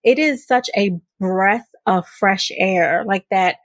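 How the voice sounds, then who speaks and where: A woman hosting a podcast interview, effusive and animated, laughing often as she praises her guest. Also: medium pitch, takes it slowly, no echo, studio quality. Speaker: podcast host. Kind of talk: casual interview chat.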